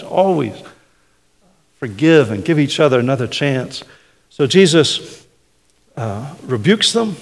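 Guy preaching casual-like, keeps saying right?, gravelly voice, long hall reverb. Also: a little high. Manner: conversational, tags points with "right?". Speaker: pastor. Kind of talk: sermon.

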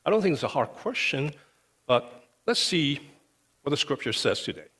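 A man's voice: fairly high pitch, sing-song, moderate pace, a bit bright. A male pastor preaching a sermon with emphasis, often checking in with "okay". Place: church sanctuary. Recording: long reverb of a church hall.

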